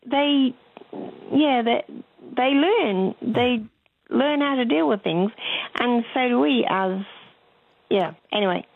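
A woman's voice: a little high, slow, creaky, no room sound. An older woman, calling in to a radio show and telling a rambling, chatty story. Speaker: caller. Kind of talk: phone-in chat. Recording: tinny phone line.

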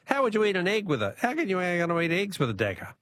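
A man's voice: high voice, huge pitch swings, racing, fairly bright tone, dry recording, clean studio sound. An Australian man hosts a radio quiz in a chatty, joking way. His voice rises and falls widely, and he laughs easily between questions. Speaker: radio host.

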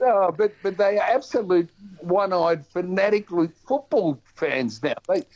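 An Australian man chatting on the radio, with a slightly high voice that keeps restarting its sentences in lively bursts. The sound is dull and lo-fi. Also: a little slow. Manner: chatty and animated, with many restarts. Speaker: guest. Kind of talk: casual radio chat.

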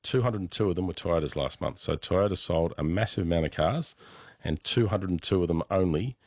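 A man answering listener questions about cars on a radio call-in show, measured and explanatory, with many fillers. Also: deep voice, darkish tone, no echo, clean studio sound. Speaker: motoring expert on radio.

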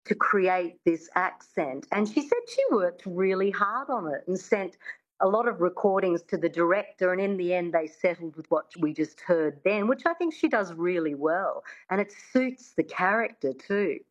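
A woman accent coach talks through her answers in a measured way on a radio interview, often adding "yeah". Her voice sits slightly low and comes over a dull, lo-fi remote line. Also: animated.

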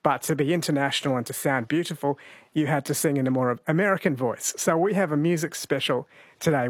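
A man hosting an overnight radio show, chatting in a relaxed way and reading out listener texts. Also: a little high, dry recording, studio quality. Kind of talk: late-night radio talk. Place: radio studio. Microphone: studio microphone.

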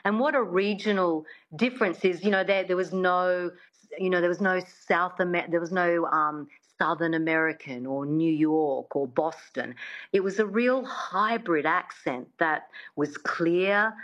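A woman's voice: on the low side, a little slow, fairly bright tone, muffled recording. A woman accent coach explaining things as a radio interview guest, with hesitations and fillers.

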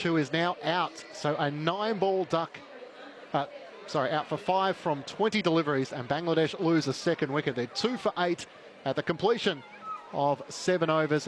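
A man's voice: fairly high pitch, moderate pace, some chatter behind. Man calling cricket play-by-play. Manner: steady, informative play-by-play. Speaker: cricket commentator. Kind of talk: ball-by-ball commentary.

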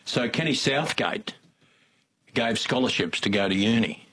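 This is an older man with an Australian accent, spinning folksy, rambling yarns in an interview. His voice sits a little low and has a husky edge, and he doubles back and restarts his sentences as he goes. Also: animated, a little slow, fairly bright tone. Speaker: interview guest. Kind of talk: casual storytelling.

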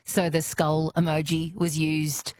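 A woman hosts a casual radio chat in a lowish voice. She is chatty and laughs easily. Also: completely flat delivery, measured pace, a little mellow, a little hiss or hum. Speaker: radio host.

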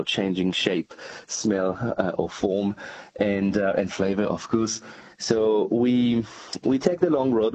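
French-accented cheesemaker guy, low husky voice, earnest, restarts a lot. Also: a little mellow, rough recording. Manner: earnest, explanatory, with frequent restarts. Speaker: cheesemaker, company director. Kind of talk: radio interview answers.

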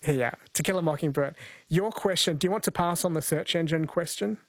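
A man's voice: on the high side, brisk, dry recording. A man hosting a late-night radio quiz in a friendly, chatty way, laughing easily.

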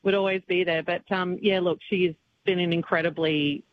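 A woman's voice: on the low side, fairly even intonation, moderate pace. A woman, a country singer speaking in a radio interview, rambling, full of fillers, tearful yet laughing. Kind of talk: emotional phone-in radio interview. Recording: dull lo-fi radio line with faint noise.

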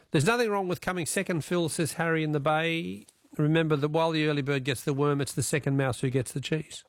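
A man's voice: a little high, gravelly, no room sound, studio quality. An Australian man hosting a talkback radio quiz, chatty, reading out callers' names and answers.

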